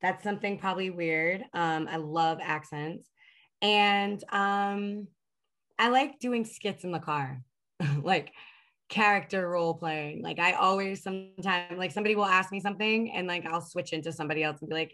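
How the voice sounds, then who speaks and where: A woman's voice: on the low side, moderate pace, bright, forceful tone. A woman chatting as an interview guest, casual and talkative, with many fillers, sometimes reflective and earnest. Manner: reflective and earnest about her purpose.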